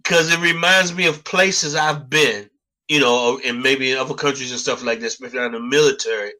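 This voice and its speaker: Bright-voiced male interview host. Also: mid-range voice, brisk, poor audio. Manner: encouraging listener, lots of short backchannels. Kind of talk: casual interview.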